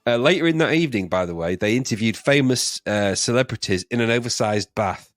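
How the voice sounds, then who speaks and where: Jokey man with a lively voice. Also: mid-range voice, a little fast, no room sound, clean studio sound. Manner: jokey, laughs often. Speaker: podcast co-host. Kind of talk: casual chat.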